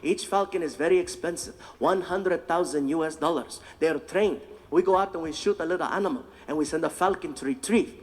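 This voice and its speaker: A man voicing a stern, matter-of-fact falcon keeper in a stand-up routine, with a flat, literal, lower delivery. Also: fairly quick, few pauses, long reverb tail, lightly acted.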